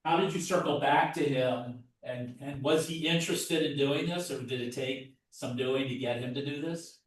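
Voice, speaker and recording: A man's voice: medium pitch, normal speed. A man in the audience asking a hesitant question. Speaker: audience member. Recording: distant, very echoey room mic.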